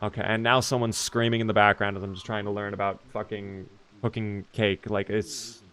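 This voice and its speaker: A man's voice: fairly low pitch, little pitch movement, normal speed, fairly bright tone. A man chatting casually with his live-stream chat while playing a video game, reading out and answering viewers and swearing now and then.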